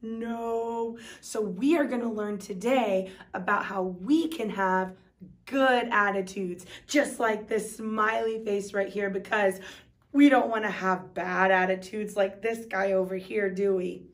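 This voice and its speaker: A woman teaching a preschool Sunday school class, speaking slowly with exaggerated, sing-song emphasis for small children. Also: mid-range voice, steady tone, recorded from a distance.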